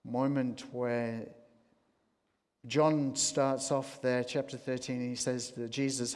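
Male preacher, measured sermon delivery, very slow, long hall reverb. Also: medium pitch, a little mellow. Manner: slow, deliberate preaching with emphatic rises.

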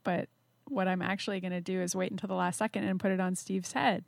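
A woman's voice: on the low side, flat delivery, fast talker, creaky, heavy background noise. A woman on a podcast panel, joking in a wry, self-deprecating way in casual banter. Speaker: games editor, podcast panelist.

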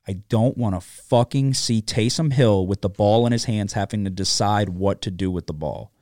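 A man's voice: on the low side, darkish tone, no room sound, studio quality. A man co-hosting a sports betting podcast, ranting with frequent profanity in casual chat.

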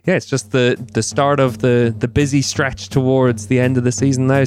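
A man's voice: medium pitch, normal speed, hardly any pauses, over music. A man hosting a casual motorsport podcast, talking loosely with many fillers and poking fun at himself. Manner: relaxed, frequent fillers, self-mocking. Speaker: podcast host.

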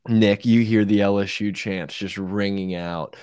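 A man hosting a casual sports podcast, animated and swearing, laughing often. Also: fairly low pitch, measured pace, clear, resonant tone, dry recording, studio quality.

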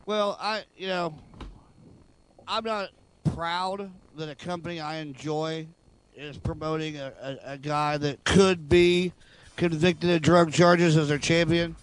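Hesitant male caller, slightly high. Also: fairly even intonation, takes it slowly, smooth. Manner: hesitant, lots of ums and you knows. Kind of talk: casual call-in opinion.

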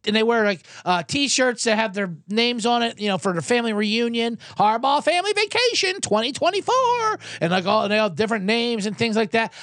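Profane ranting podcast host. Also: male voice, very high-pitched, a bit bright, no room sound, studio quality. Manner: ranting, sarcastic, profane, self-interrupting. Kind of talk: comedic sports podcast rant.

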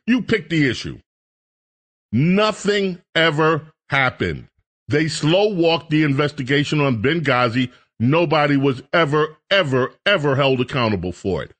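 A man's voice: fairly high pitch, sing-song, moderate pace, fairly bright tone. A middle-aged man hosting a political talk radio show, delivering a heated, sarcastic monologue. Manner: heated, sarcastic, mocks others in put-on voices.

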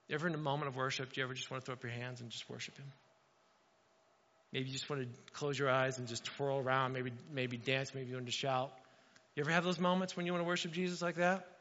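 High-voiced man preaching in a reverberant hall. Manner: animated, acts out quotes, talks straight to the congregation. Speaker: pastor. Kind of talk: sermon. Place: church sanctuary. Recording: dull sound with long hall reverb.

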